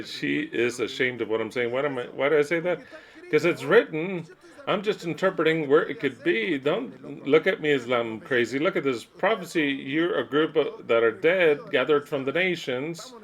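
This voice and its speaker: A man voices a sermon as its interpreter, at an ordinary middle pitch. He is emphatic and uneven, muttering low at one moment and bursting out loudly the next. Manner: emphatic, swings from low muttering to loud outbursts. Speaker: interpreter voicing a preacher.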